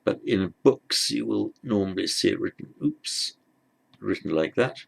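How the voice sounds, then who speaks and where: A man teaching script letters, talking haltingly as he writes and repeating words as he goes. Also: lowish voice, gravelly. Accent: British. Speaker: language teacher. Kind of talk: handwriting lesson.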